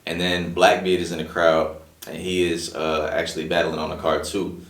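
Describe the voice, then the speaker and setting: Deep-voiced man, casual profane talk. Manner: fast, profane street talk, animated storytelling. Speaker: battle rapper guest. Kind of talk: casual podcast interview. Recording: echoey room, distant from mic.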